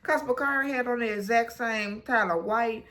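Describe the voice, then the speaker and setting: A woman, recapping a TV episode in casual, animated storytelling, acting out the characters' lines. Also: fairly high pitch, moderate pace. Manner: animated storytelling, acts out quotes. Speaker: recap vlogger.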